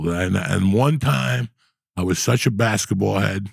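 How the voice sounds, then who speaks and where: Gravelly New man telling stories. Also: fairly low pitch, unhurried, dry recording. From New Jersey. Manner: animated, profane storyteller. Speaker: podcast host. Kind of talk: storytelling in casual chat.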